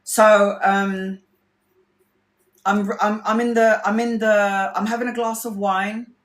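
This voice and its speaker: A woman's voice: medium pitch, flat delivery, takes it slowly. A woman tarot reader telling stories in a casual livestream, candid and rambling, swearing freely. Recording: roomy echo.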